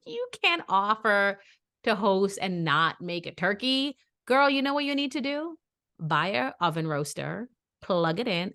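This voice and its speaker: A woman co-hosting a casual podcast. She is a mother and talks bluntly, giving animated opinions and telling stories. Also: lowish voice. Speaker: podcast co-host. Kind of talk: casual chat.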